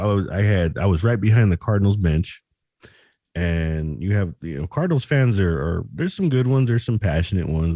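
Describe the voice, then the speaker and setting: Low-voiced guy telling stories on a podcast, voice jumps all over, dry sound. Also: breathy edge, no room sound. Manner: storytelling, animated, imitates people. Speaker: podcast host. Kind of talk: casual podcast chat.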